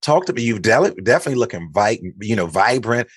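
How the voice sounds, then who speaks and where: A man's voice: mid-range voice, big pitch swings, quick pace, breathy edge, no echo, studio quality. A man from Chicago hosting a podcast, chatting casually and playfully as he talks up his guest. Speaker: podcast host. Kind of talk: casual interview chat. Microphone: studio mic.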